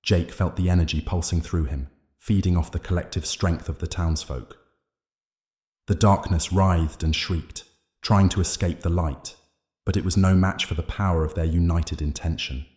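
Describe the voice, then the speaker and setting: A man narrates a scripted horror story in a measured, dramatic way. His voice is low and deep. The recording has a roomy echo. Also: fairly even intonation, darkish tone.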